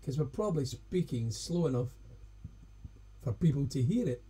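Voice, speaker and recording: A Scottish singer-songwriter chatting casually on a live stream between songs, rambling and self-deprecating. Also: male voice, medium pitch, animated, moderate pace, warm tone, slightly rough. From Scotland.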